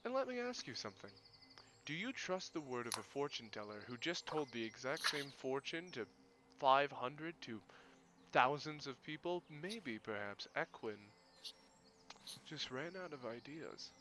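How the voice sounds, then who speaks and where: A man's voice: mid-range voice, lively intonation, a little slow, sharp tone, a little hiss or hum. A man voicing a pompous, long-winded older male town mayor in a tabletop game. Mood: hushed. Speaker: game master voicing a character.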